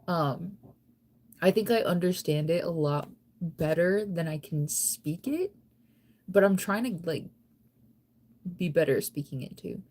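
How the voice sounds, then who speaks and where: A young woman speaks a little slowly in a lowish voice, leaving long pauses as she chats on a late-night livestream. Tired and yawning, she meanders casually and says "like" a lot.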